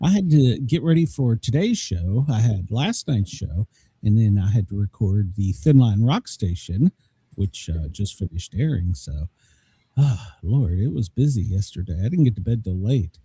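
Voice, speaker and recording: A man's voice: on the low side, very animated, moderate pace, mellow, breathy edge, no echo. A middle-aged man hosting a podcast in casual chat, joking and rambling with frequent chuckles. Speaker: podcast host.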